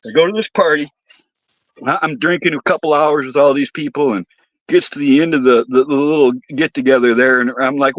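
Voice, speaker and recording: A man telling stories as a podcast guest, animated and profane, acting out voices and sounds. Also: mid-range voice, fast talker, dry recording, low-quality recording. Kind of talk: casual storytelling.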